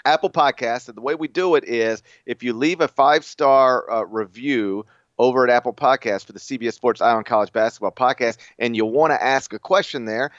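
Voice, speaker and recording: An American man hosting a sports podcast, chatting loosely with plenty of restarts. His voice sits in a middle pitch and comes through a slightly dull, dry microphone. He sounds unpolished and self-deprecating. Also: fairly quick, a bit bright, no echo. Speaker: podcast host. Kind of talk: casual podcast chat.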